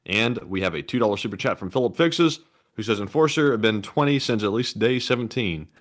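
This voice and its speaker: A man's voice: fairly low pitch, expressive, brisk. A man with a Southern US accent co-hosting a casual livestream, reading viewer messages in an easygoing, wry way. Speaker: co-host reading super chats.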